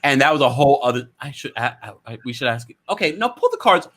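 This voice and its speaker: A man hosting a reality-show recap, chatting in a gossipy, teasing way with quick asides. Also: mid-range voice, very animated, fairly bright tone. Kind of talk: gossipy casual chat.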